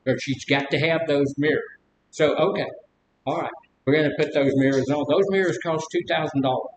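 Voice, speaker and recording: A man leading a recovery group as counselor, talking casually, asking the group questions and telling personal stories with humor. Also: a little fast. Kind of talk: informal group talk on recovery. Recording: echoey room with faint rumble.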